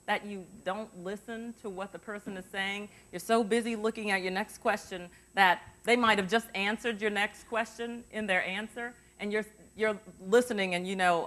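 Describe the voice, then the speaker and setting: A middle-aged woman runs a workshop at a university forum, wearing a lapel mic. Her voice is bright and clear, sitting at an ordinary pitch. She is chatty and lively, throwing questions to the room to keep the students involved. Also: moderate pace, hardly any pauses. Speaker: journalist giving an interview workshop. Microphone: lavalier.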